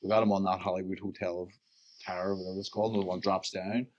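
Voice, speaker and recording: A man's voice: low voice, level tone, fast, dull audio. A Northern Irish man in his thirties, co-hosting a podcast, rambling and swearing through casual chat with frequent laughs. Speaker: podcast co-host. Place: DJ studio.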